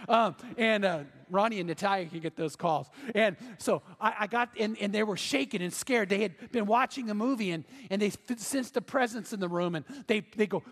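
High-voiced pastor preaching in a hall. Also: male voice, a little fast, few pauses, a bit bright. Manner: earnest, emphatic preaching with repeated phrases. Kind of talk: sermon.

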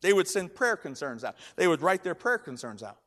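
A high-pitched middle-aged man preaching in a church, circling back on his phrases as he tells a story. His voice swells into loud, emphatic declarations. It rings with the long reverb of a large hall. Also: very animated, brisk. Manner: storytelling preacher, repeats words, rising to loud emphatic shouts. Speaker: pastor. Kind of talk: sermon.

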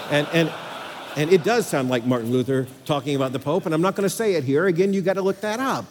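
A man delivers a sermon in a somewhat raised pitch, his voice ringing through a large reverberant hall. He presses his points by repeating key phrases and moves between loud, driving declarations and soft, low asides. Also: fast, a little hiss or hum. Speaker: preacher.

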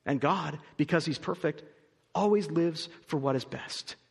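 A man's voice: on the high side, unhurried, creaky, husky. A male pastor preaching a sermon, arguing his point emphatically and asking rhetorical questions. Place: church auditorium. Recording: long reverb of a large hall.

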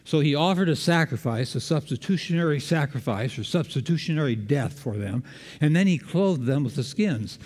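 A man's voice: fairly high pitch, lively intonation, normal speed, darkish tone, in a large hall. A man preaching a sermon, engaging the congregation with questions.

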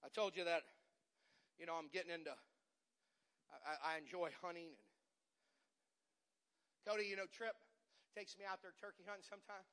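A middle-aged man preaching a sermon as pastor, moving from quiet talk to shouted, fiery preaching. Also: high-pitched, steady tone, moderate pace, pauses often. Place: church sanctuary.

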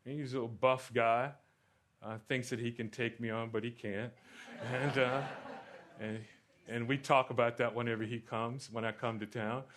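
A male pastor answers congregation questions with an animated preaching manner, climbing loud when he stresses a point. His voice is bright and forceful. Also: mid-range voice, moderate pace. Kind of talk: sermon Q&A.

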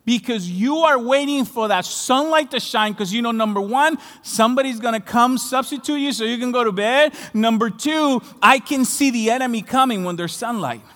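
A man from Latin America preaching a sermon as pastor, building passionately and rising to shouts on key phrases. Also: very high voice, expressive, moderate pace, hardly any pauses. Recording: long hall reverb.

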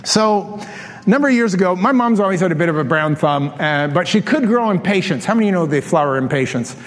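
A middle-aged man preaching a sermon, telling stories and acting out quoted lines with lively humor. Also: high-pitched, fast talker, big-room sound. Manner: animated storytelling with acted-out quotes. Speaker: pastor.

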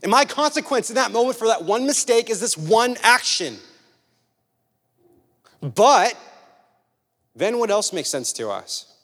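A young man preaches in a church hall, his talk casual and storytelling but pressing the same point again and again. His voice sits a bit high, and a long reverb trails each phrase. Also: sing-song, unhurried, pauses often, fairly bright tone. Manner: conversational storytelling, emphatic repeated points. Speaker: pastor. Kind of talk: sermon.

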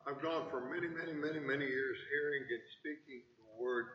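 A man's voice: mid-range voice, fairly quick, slight background noise. A man in a class asking a hesitant question, repeating himself as he talks. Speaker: class participant. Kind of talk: question from the audience. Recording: distant, muffled, echoey room.

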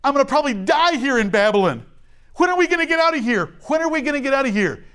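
A man voicing an anxious captive exile who frets about dying and going hungry, talking fast and worried. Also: very high-pitched, fairly bright tone, clean tone, voice pushed up.

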